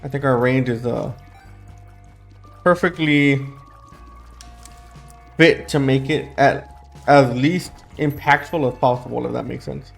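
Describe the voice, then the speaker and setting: A young man talks over his gameplay in a relaxed, rambling way, full of fillers and restarts. His throat is dry and his voice is sleepy from the late hour. Soft music plays faintly behind him. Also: mid-range voice, slow, gravelly, long pauses. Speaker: gaming YouTuber. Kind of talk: casual gameplay commentary.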